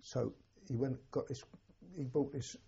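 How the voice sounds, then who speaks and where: An older English man, a war veteran, telling an oral history in a halting, plain-spoken way with a husky voice. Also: mid-range voice, fairly even intonation, mellow, dull audio. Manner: halting, plain-spoken storytelling with many restarts. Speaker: war veteran recounting memories.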